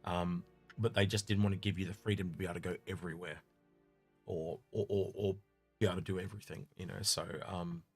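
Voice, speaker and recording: A man's voice: deep voice, steady tone, fast, husky, soft background music. An Australian man co-hosting a casual Q&A chat, hedging and thinking aloud with lots of fillers. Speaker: podcast co-host.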